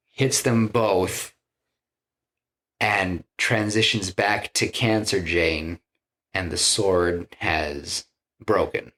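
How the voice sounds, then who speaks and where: A man's voice: sits low, fairly bright tone. A man on a podcast, telling a film scene by scene in a loose, rambling way and acting out the lines he quotes. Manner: loose, rambling with restarts and "you know". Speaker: podcast co-host pitching a film. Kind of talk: casual storytelling chat.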